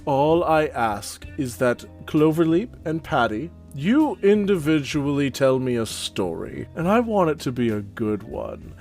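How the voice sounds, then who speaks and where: A man voicing a pompous, scholarly bird-folk gentleman who is a vain writer, speaking in a grandiose, fussy way. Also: medium pitch, sing-song, measured pace, hardly any pauses, soft background music.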